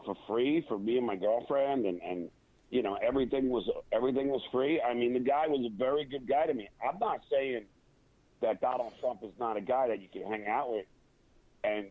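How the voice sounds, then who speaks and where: A man's voice: lowish voice, no echo. Opinionated man on a tinny phone line. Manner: halting, many restarts and fillers. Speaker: guest. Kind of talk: casual interview over a phone line.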